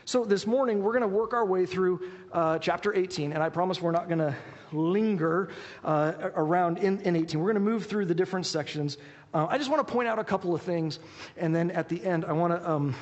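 A male pastor preaching a sermon and reading scripture, talking quickly and animatedly, with frequent restarts. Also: high-pitched, dull audio. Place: warm church hall. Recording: reverberant hall.

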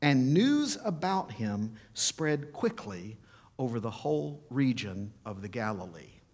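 Man, preacher, sermon, lively intonation, slow deliberate pace, emphatic scripture reading. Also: medium pitch. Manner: animated, emphatic, reads scripture aloud with feeling.

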